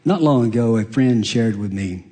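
A man preaching a sermon, earnest and confessional, swinging from raised emphatic peaks down to near-whispered hushes. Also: normal speed. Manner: emphatic, rising high then dropping to near-hush.

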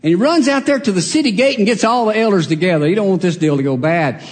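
Folksy preacher in a reverberant hall. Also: male voice, fast talker. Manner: folksy, animated, acts out characters with big pitch jumps. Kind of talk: storytelling sermon. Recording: long reverb of a large hall.

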